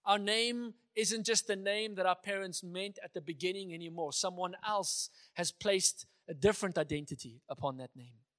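A man's voice: high-pitched, normal speed, hardly any pauses, a bit bright. A man giving a conversational sermon who sometimes acts out the dialogue he retells. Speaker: preacher.

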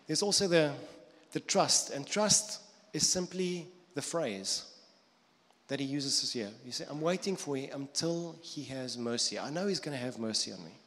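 A man's voice: medium pitch, fairly bright tone, big-room sound. A man preaching a sermon in a conversational way, now and then acting out quoted voices.

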